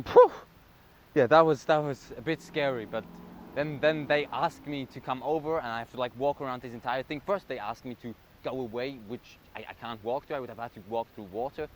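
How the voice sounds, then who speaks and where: A man's voice: medium pitch, slight background noise. Chatty young man vlogging. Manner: chatty, excitable, breathless storytelling. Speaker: wildlife photographer vlogger. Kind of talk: casual vlog narration.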